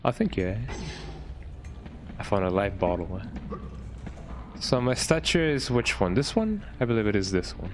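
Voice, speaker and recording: A man streaming a game with casual, chatty commentary and a fairly low voice. He often ends his lines with "eh". Game music plays clearly underneath him. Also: very animated, normal speed, long pauses. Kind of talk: casual let's-play commentary.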